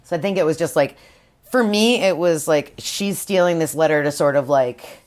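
A woman's voice: sits low, normal speed. A woman co-hosting a casual book discussion, swearing freely and acting out the characters' lines. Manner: profane, animated, acts out characters' lines. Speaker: podcast co-host.

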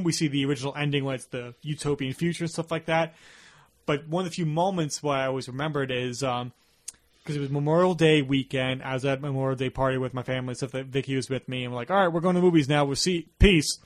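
A man hosting a casual podcast, telling stories with energy and slipping into quick impressions. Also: medium pitch. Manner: animated storyteller, slips into impressions. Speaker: podcast host. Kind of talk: casual chat.

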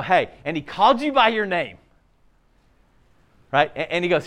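Male preacher, relaxed conversational sermon delivery, very expressive intonation. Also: a little high, moderate pace, long pauses. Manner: conversational, animated preaching with many restarts. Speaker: pastor.

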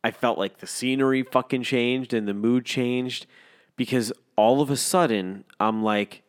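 A man's voice: medium pitch, measured pace, clean tone. A young man telling a story in casual podcast chat, swearing constantly and mimicking the people in it. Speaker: podcast co-host.

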